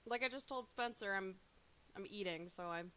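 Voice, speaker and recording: A woman's voice: medium pitch, moderate pace, a bit bright, clean tone. A woman live streamer chatting casually into her computer mic while she eats, upbeat and talkative. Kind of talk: casual livestream chat.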